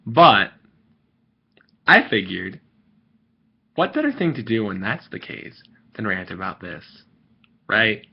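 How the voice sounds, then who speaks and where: A man's voice: fairly low pitch, big pitch swings, takes it slowly, gravelly, pauses often, slightly rough. Man ranting irritably on a lo-fi recording. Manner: rambling, irritated, with many fillers and restarts. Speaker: video host ranting to viewers. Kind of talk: casual vlog rant. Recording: dull lo-fi recording.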